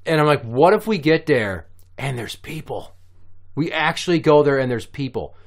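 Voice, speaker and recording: A man in casual podcast chat, riffing in a crude, profane, animated way. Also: on the high side, normal speed. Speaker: podcast co-host.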